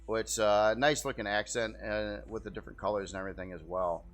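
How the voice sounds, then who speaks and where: Man, game video host, casual rambling commentary, fairly low voice, faint music behind. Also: fairly even intonation, a little fast. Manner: easygoing, rambling, repeats "really cool".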